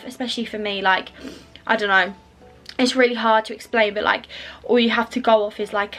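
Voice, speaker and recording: A woman's voice: a little high, fairly bright tone. A young woman from the UK chatting casually to camera in a vlog, out of breath and rambling with lots of "like" and "um". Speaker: vlogger.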